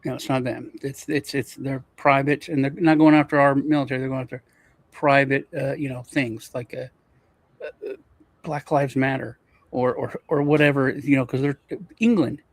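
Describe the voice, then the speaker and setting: A man's voice: medium pitch, flat delivery, moderate pace, no echo. A man from Europe co-hosting a casual chat, rambling and repeating words as he restarts his sentences. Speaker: co-host.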